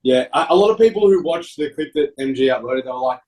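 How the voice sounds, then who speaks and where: Guy, podcast co-host, laid-back storyteller, mid pitch. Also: animated, quick pace, a little mellow, poor audio. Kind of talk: casual chat.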